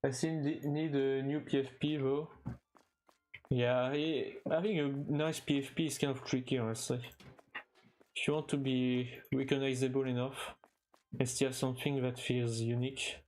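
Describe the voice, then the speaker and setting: A young French streamer with a French accent chats casually with viewers as he games, stumbling over fillers and restarting sentences in a halting way, with the odd chuckle. His mid-range voice has a flat delivery and a darkish tone.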